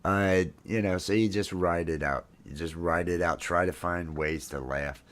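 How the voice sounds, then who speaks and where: Man in his fifties, very deep voice, rambling, folksy, casual live-stream chat. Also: fairly even intonation, moderate pace, fairly bright tone. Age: 50s. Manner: rambling, lots of fillers and restarts, folksy. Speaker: livestream host. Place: home, drinking coffee while streaming.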